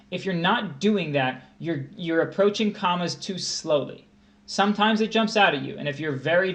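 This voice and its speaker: Young male tutor, a little high-voiced, casual livestream lesson, thinks out loud. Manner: conversational, thinks aloud with restarts and rereads. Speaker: test prep tutor.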